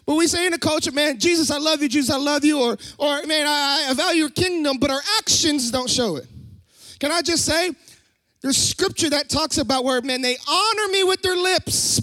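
A middle-aged man preaching a sermon in church, telling a personal story with lively shouts and low asides. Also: dry recording. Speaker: pastor. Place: church sanctuary.

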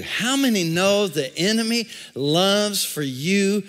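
A male pastor preaching a sermon, calling out to the congregation and swinging from shouts to a near-whisper. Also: high-pitched, lively intonation, slow pace, hardly any pauses. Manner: call-and-response preaching. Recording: long reverb in a large hall.

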